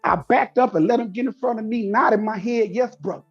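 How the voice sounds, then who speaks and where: Man, husky voice, lively storytelling, lo-fi dull sound, faint music. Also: high voice, a little fast. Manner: animated, acts out the people in his story. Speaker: show co-host. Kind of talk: casual storytelling chat.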